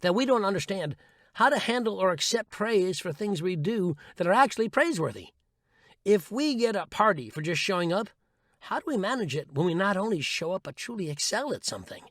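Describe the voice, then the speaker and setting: A man with a slightly high voice reads his own essay with wry, sarcastic humor. He sounds like a seasoned audiobook narrator turned coach. The sound is dry and close, with no room around it. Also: sing-song, a little fast, fairly bright tone, no room sound. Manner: wry, sarcastic, playful delivery. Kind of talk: scripted essay reading.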